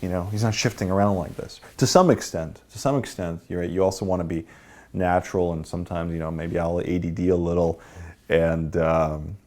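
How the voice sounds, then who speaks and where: A man's voice: sits low, fairly even intonation, brisk, darkish tone. A man teaching a dating workshop, lecturing and checking in with "okay?" and "right?" after his points. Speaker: dating coach.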